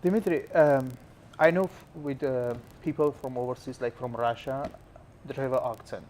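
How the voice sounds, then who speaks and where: A man's voice: medium pitch, fairly even intonation, normal speed, a little mellow, slight background noise. A male talk show host asking questions in broken, non-native English. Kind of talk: interview questions.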